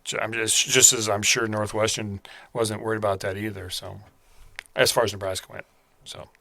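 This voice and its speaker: A man's voice: fairly low pitch, moderate pace, gravelly, no room sound. A man co-hosting a casual sports podcast, talking in a rambling way with many fillers. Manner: rambling, many fillers, excited bursts at game updates. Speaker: podcast co-host.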